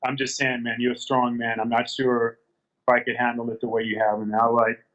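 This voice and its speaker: A man speaks as an interview guest, retelling a phone conversation line by line with quoted dialogue. His voice is bright and forceful, and it comes through a dull, lo-fi remote call from a garage. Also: mid-range voice, level tone, a little fast. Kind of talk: casual storytelling interview.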